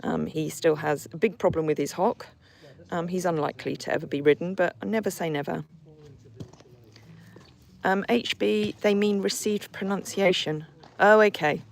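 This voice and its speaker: A woman with a lowish, gravelly voice speaks at normal speed during a relaxed outdoor live stream from horseback. She reads comments from viewers, breaking off now and then to coo at or scold her horses.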